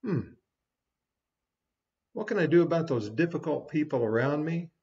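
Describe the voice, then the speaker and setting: A man's voice: on the high side, animated, normal speed, dark tone, highs cut off. A man giving a short devotional sermon as a preacher, folksy and conversational with small asides.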